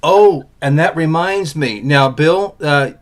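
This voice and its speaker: A man's voice: fairly high pitch, takes it slowly. A man hosting a casual webcast chat, reading out audience questions and laughing often. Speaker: podcast host.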